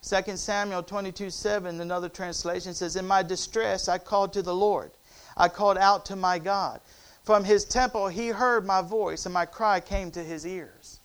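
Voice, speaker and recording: A man preaching a sermon, calling on the congregation and swinging between loud cries and hushed, quiet passages. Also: high voice. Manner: call-and-response preaching, rising to loud cries and dropping to hushed tones.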